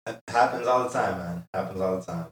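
A man's voice: sits low, brisk. A man joining a casual podcast as the host's friend, laid-back and ribbing him back. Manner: laid-back, talks back and ribs the host. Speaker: friend in the studio. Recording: echoey room, off-mic.

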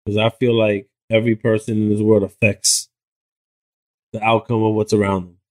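A man's voice: on the low side, level tone, normal speed. A man from New Jersey, a hip hop artist guest, talking earnestly and motivationally in casual chat, with some swearing.

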